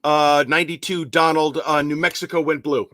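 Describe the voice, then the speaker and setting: A man's voice: fairly high pitch, steady tone, normal speed, fairly bright tone, no echo. Chatty man with a dry close sound. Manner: chatty, restarts his sentences. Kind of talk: live election-night chat.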